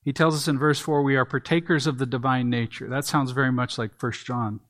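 Man, mid-pitched voice, sermon, earnest, emphatic repeats. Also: fairly even intonation, a little fast, fairly bright tone. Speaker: pastor.

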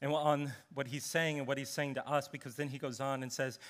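Pastor, male, mid-life, bright and tense edge to the voice, conversational preaching style. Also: mid-range voice, brisk. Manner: conversational, animated, acts out scripture characters. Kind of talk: sermon.

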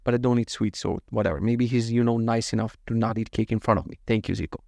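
Fast-talking man telling casual stories. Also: on the low side, steady tone, gravelly, warm tone, no echo, clean studio sound. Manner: swearing, laughing, tangents. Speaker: vlogger. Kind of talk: casual chat.

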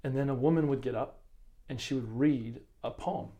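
Mellow-voiced man telling a church story. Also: medium pitch, normal speed. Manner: enthusiastic storytelling with restarts. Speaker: co-host of a Bible lesson commentary. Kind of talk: casual religious discussion.

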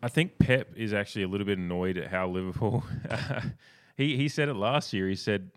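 A co-host on a casual sports podcast tells stories in an animated, rambling way, often restarting his sentences. His notably deep voice is clean, resonant, and smooth, and he speaks briskly.

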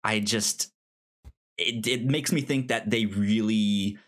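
A man co-hosting a video game podcast, talking casually with many restarts and hesitations. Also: on the low side. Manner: lively, laughing, halting restarts. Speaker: podcast co-host. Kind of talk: casual chat.

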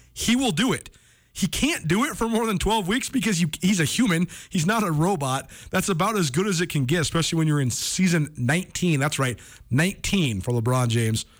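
A man hosting a sports radio show, talking in an energetic, chatty way. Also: on the high side. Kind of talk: casual sports talk. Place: radio studio.

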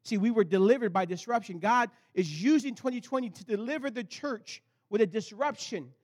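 A man preaching a sermon, telling a story with animated swings between loud bursts and low, intense stretches. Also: a little fast, hardly any pauses. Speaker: pastor.

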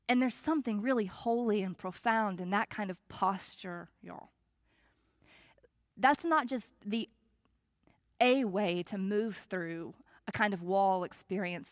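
Woman pastor, conversational sermon, thoughtful pauses, mid pitch, dry close sound. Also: no room sound. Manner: reflective, conversational preaching with pauses.

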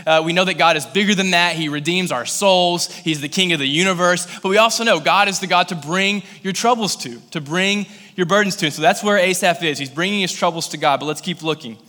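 A man's voice: high voice, brisk, hardly any pauses, pushed and bright, long reverb tail. A man from Kentucky preaching a sermon in a casual, conversational way, growing intense and pleading in prayerful passages. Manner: conversational, filler-heavy storytelling. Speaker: pastor.

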